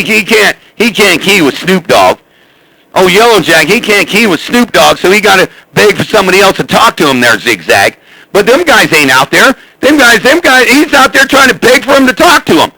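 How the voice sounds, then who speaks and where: A man chattering on CB radio as the channel's host, boastful and loud, hailing others over and over. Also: high-pitched, vocal fry, no echo, poor audio.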